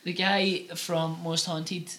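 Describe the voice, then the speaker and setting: Bright-voiced Scottish man telling crude stories. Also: a little high, flat delivery, slow. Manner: rambling, anecdotal, crude, swears freely. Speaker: podcast co-host. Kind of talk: casual comedic chat.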